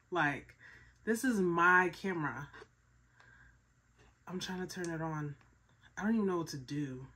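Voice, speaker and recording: A young woman from Philadelphia excitedly unboxing on her vlog, repeating herself and stumbling over her words. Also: lowish voice, husky. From Philadelphia, USA. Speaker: vlogger.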